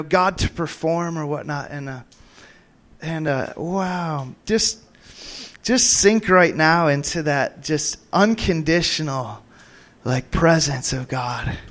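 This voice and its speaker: A young man with a notably high voice delivers a loose, charismatic sermon to a room of listeners. He rambles through fillers and restarts, laughing often and breaking into sudden high-pitched whoops. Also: fairly bright tone. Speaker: preacher. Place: church meeting room.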